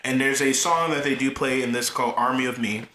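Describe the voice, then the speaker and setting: A man's voice: mid-range voice, fairly even intonation, fairly quick, sharp tone. A man co-hosting a podcast, chatting casually about a film, laughing often and slipping into slangy talk and mock voices. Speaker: podcast co-host. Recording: echoey room.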